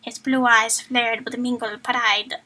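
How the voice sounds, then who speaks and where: A woman reading a storybook aloud on a live stream with a high, bright voice. She stumbles over words and giggles through the read, keeping it casual. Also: flat delivery, slow pace, rough recording.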